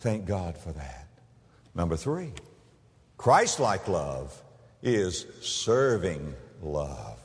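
Brief: a male preacher delivering a sermon, animated and expressive, with a long sanctuary echo. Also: low voice, extremely slow. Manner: dramatic, swinging from loud to hushed. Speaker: pastor.

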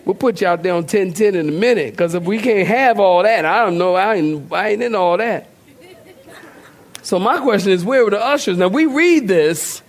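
A male pastor, preaching a sermon in a lively, joking way and talking straight to his congregation. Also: high-pitched, moderate pace. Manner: animated, joking, talks directly to the congregation.

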